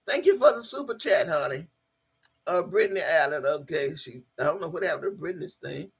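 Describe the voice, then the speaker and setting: Loud, profane, laughing woman streamer. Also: sits low, lively intonation, brisk, husky. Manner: shouts and hollers in bursts. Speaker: livestream host. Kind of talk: casual live-stream chat reading.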